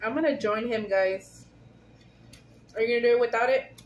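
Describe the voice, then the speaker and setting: Talking directly to viewers, this vlog host tastes food in a casual, chatty, giggly way. She speaks at a moderate pace in a slightly high voice, recorded in an echoey room with a faint hiss.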